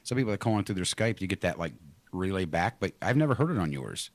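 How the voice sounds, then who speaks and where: A man's voice: low voice, sing-song, fast talker, no echo. A man in his forties hosting a call-in show, teasing and wisecracking through crude casual banter. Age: 40s.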